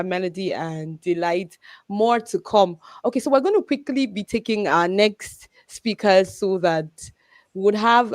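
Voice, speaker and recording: A woman's voice: mid-range voice, dry recording. A woman hosting a live community session, thanking speakers and introducing the next one with enthusiasm. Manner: enthusiastic, encouraging. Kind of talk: hosting a live online event.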